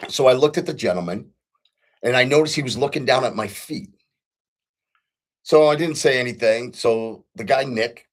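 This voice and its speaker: A middle-aged man hosting his own show, telling a story in a casual, earnest way with frequent ums and restarts. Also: mid-range voice. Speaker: podcast host.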